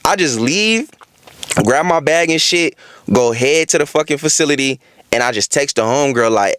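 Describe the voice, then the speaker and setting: A young man telling a casual storytime on his vlog, animated and heavy on profanity and street slang. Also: a little high, moderate pace, clear, resonant tone, no room sound. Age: young adult. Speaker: vlogger.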